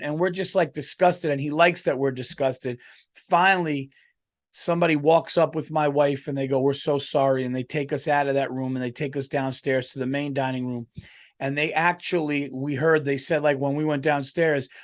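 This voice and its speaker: Podcast host, indignant comic rant, profane, slightly higher-pitched man. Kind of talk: comedic rant.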